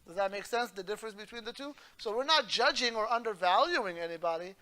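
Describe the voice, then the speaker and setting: A man teaching a religious class as imam, his voice bright and forward. He explains points patiently and keeps pausing to check that his listeners follow along. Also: high voice, expressive. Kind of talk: religious lesson.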